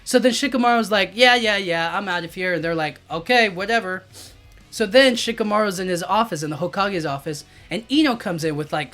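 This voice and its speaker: A man's voice: high-pitched, fairly bright tone. A man recapping a manga chapter in a loose, casual way, filling his talk with "like" and "you know what I mean", with faint music behind. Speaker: anime and manga reviewer.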